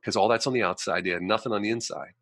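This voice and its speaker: A man, a guest in a conversation, telling a personal story in an animated way, acting out the voices of people he quotes and using lots of "you know" fillers. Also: lowish voice, very fast, no echo.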